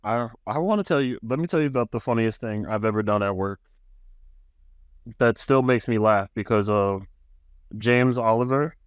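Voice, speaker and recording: A man with an average-pitched voice chats on a podcast, telling a loose, rambling story and laughing as he goes. The mic is close and the sound dry. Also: normal speed, clear, resonant tone, no echo. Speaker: podcast co-host. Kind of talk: casual storytelling chat.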